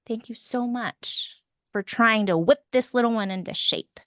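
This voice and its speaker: A woman coach talks at an unhurried pace, guiding with gentle probing questions. Her middle-pitched voice is recorded dry and close, with no room sound. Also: no echo. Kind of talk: guided coaching session.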